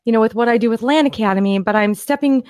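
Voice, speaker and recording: A woman co-hosting a podcast, excitedly walking through property deals on screen in a casual, rambling way with frequent restarts. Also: fairly high pitch, quick pace, clean tone, no room sound. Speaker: podcast co-host and land investor. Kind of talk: casual screen-share deal walkthrough.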